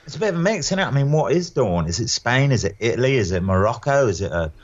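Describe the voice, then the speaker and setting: A man's voice: medium pitch, very animated, quick pace, no room sound, muffled recording. A male actor guest chatting casually, rambling and self-deprecating with plenty of fillers and laughs. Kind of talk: casual anecdotal chat.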